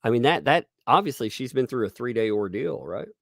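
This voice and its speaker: A man's voice: mid-range voice, lively intonation, a little fast, fairly bright tone, dry recording, studio quality. A man giving rambling, sarcastic live-stream commentary, joking and laughing as he talks. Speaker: livestream commentator.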